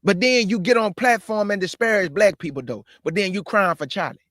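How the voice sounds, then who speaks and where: A man's voice: high-pitched, a little fast, fairly bright tone, no echo, clean studio sound. A man hosting his own stream, talking in a fiery, preachy way, repeating his points and calling his listeners family. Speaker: show host. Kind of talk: impassioned livestream commentary.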